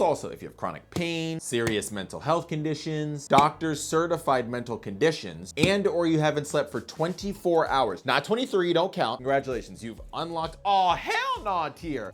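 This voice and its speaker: A man hosting a comedic commentary video, playful and sarcastic, acting out little skits. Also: on the high side. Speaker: video essay host.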